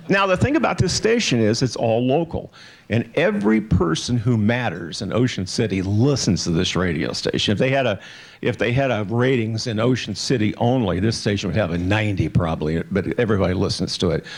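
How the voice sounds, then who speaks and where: Gravelly man in his sixties, lively. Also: on the low side. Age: 60s. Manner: candid, joking storyteller. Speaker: keynote speaker. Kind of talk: conference keynote speech.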